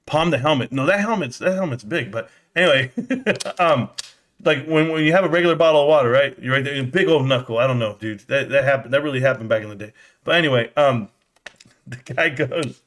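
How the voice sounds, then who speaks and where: A man's voice: mid-range voice, fairly quick, a bit bright. A middle-aged man hosting a casual live stream, brash and joking as he trash-talks, out of breath.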